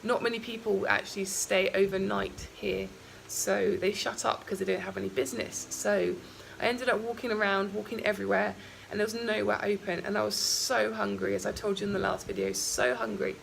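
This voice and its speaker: Croaky-voiced young woman vlogging candidly. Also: mid-range voice, fairly even intonation, brisk, hardly any pauses, a little hiss or hum, poor audio. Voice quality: croaky morning voice. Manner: candid, chatty, rambling with fillers. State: out of breath from walking uphill. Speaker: travel vlogger. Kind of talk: casual travel vlog. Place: outdoors walking on a hilly island road.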